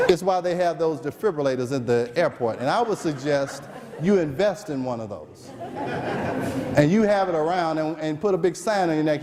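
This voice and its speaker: Southern man, physician lecturer, high voice, teasing Q&A style, reverberant hall. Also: very animated, moderate pace, long pauses. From American South. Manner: joking, asks the audience questions and answers them. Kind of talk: medical seminar lecture. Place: seminar room.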